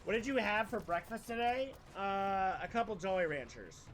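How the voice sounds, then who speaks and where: A man's voice: sits high, animated, moderate pace, a bit bright. A young man streaming a game, chatting casually in a rambling, crude, joking way. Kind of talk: casual live-stream chat while gaming.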